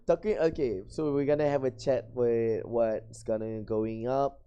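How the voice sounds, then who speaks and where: A young adult VTuber streamer from Malaysia, chatting casually and getting flustered, often breaking into high laughter. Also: fairly even intonation, measured pace, dark tone, clean tone. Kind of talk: casual live-stream chat.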